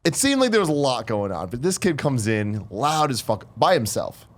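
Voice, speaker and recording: A podcast host with a mid-range voice tells a story at normal speed, animated and casual. He swears freely and acts out the quoted lines.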